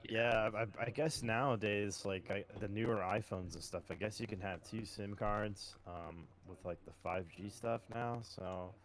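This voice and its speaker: A man's voice: on the low side, unhurried, few pauses. A man co-hosting a podcast, chatting casually and telling a profane work story. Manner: swears a lot, storytelling, calls listeners boys. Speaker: podcast co-host. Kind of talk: casual chat.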